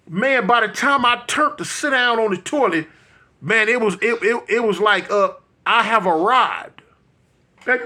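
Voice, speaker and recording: A bright, ringing male voice telling a funny story from his own life. He is in his fifties, talks to the audience like old friends, and bursts into sound effects and exclamations as he acts out each moment. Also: sits high. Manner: addresses listeners directly, colloquial. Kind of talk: comic personal storytelling.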